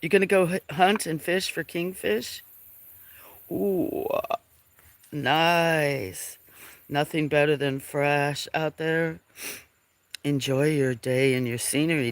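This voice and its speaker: This man's voice is a little high and steady, and he speaks slowly with long pauses in a dry recording. He's hosting a relaxed farm livestream outside among birdsong, sniffling slightly, wandering from topic to topic, warmly reading out chat names and occasionally whispering.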